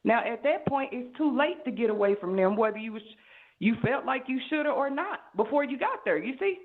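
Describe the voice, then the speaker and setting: A woman's voice: a little high, lively intonation, a little fast. A woman with a Southern US accent calling in to a talk show and speaking in a preachy, rambling way. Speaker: caller. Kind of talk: call-in monologue. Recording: tinny phone line.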